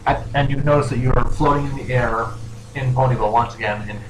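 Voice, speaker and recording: Man, game master, casual rambling narration, mid-pitched, roomy echo, faint background hiss. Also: fairly even intonation, fast. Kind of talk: narrating a tabletop role-play game. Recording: echoey room with faint noise.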